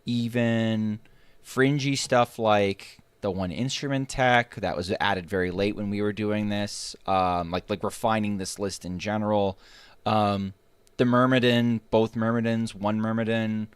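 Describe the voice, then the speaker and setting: A male streamer with a low voice and a dry, close sound hosts a casual game guide. He is blunt and joking, swears freely and restarts his sentences often. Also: steady tone, measured pace, clear, resonant tone, dry recording. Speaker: streamer and host.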